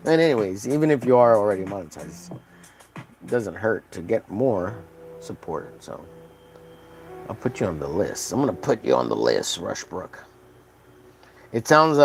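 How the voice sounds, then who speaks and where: A man's voice: lowish voice, gravelly. A man from Texas chatting casually with his live chat while drawing, rambling and joking crudely. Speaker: streamer.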